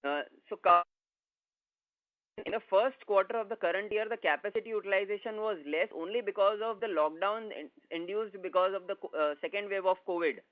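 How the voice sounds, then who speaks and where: A man, a company executive giving steady, detailed answers on an earnings call. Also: high-pitched, fairly quick. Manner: steady, explanatory, with fillers. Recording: phone-like conference line.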